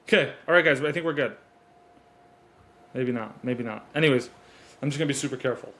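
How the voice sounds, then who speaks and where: A man's voice: medium pitch, a little fast, a bit bright. Earnest rambling male podcast host. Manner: earnest, rambling, fixes gear mid-recording. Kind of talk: solo motivational podcast talk. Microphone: desk mic on a stand.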